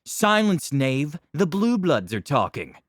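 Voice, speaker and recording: A man voicing an arrogant male noble dragonborn cleric in a high-pitched, haughty voice. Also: very animated, takes it slowly, no room sound, clean studio sound, heavily acted.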